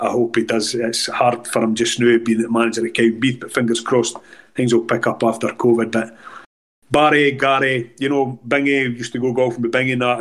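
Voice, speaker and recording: A man with a Scottish accent, a former footballer, telling animated stories as a podcast guest. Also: medium pitch. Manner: animated, rambling anecdotes with many restarts. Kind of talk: casual storytelling in a podcast interview.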